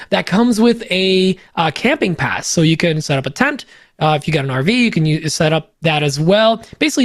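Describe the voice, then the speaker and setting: A man's voice: high voice, dry recording, clean studio sound. A man co-hosting a podcast, reading sponsor spots in an upbeat, joking way, loose with fillers; a native Polish speaker. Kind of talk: casual ad read on a podcast.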